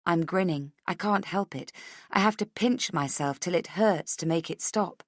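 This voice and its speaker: Low-voiced woman narrating a thriller audiobook. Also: normal speed, dry recording, clean studio sound. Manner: tense, anxious inner voice. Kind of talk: scripted first-person narration.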